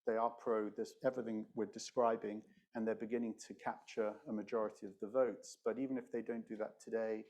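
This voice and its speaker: Measured man making points on a panel. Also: on the low side, flat delivery, darkish tone. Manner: measured, slows down to stress points. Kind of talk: conference panel discussion. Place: conference stage.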